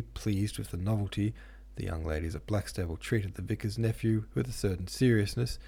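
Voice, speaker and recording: A man narrating a classic novel in a measured, steady reading. His voice sits low, with a husky edge and a dark, mellow tone. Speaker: podcast host and audiobook reader.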